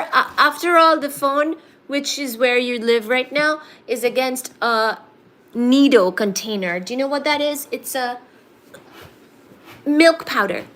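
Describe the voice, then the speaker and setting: A woman with a slightly raised voice chats on a casual live stream, slowly and playfully reading out her viewers' comments and answering each one. She has a bit of a cold. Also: high voice, a bit bright. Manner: playful, reads chat comments aloud and answers them. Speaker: livestream host reading viewer chat.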